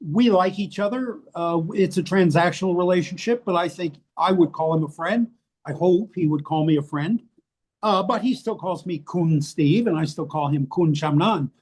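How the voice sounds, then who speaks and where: Older american guy, kinda high voice, swears a lot, brutally honest interview chat. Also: a little mellow. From United States. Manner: blunt, profane, self-mocking. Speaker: interview guest, author. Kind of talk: candid casual conversation. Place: rainy place indoors, rain outside.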